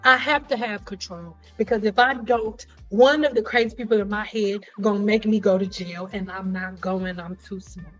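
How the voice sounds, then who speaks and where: A woman hosting a casual livestream chat, telling stories in an animated way, acting out the voices she quotes and joking bluntly with her viewers. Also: mid-range voice, moderate pace, few pauses, dull audio, soft background music. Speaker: livestream host. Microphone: computer mic on a livestream.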